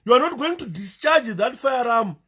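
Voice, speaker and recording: Male commentator reacting to video footage, emotional and emphatic, with a wide, animated pitch. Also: normal speed, breathy edge. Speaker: political commentator. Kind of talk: commentary over video clips.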